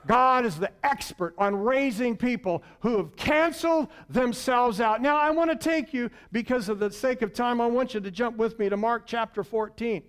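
High-voiced preaching man, dramatic swings. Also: normal speed, few pauses, smooth. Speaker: pastor. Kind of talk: sermon.

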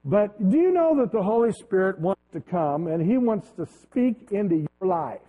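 A man with a high voice preaches, easing into his message through a chatty personal story told with frequent restarts. The sound is thin and tinny, like it came through a phone line. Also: very animated. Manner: conversational, storytelling, halting restarts. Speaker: pastor.

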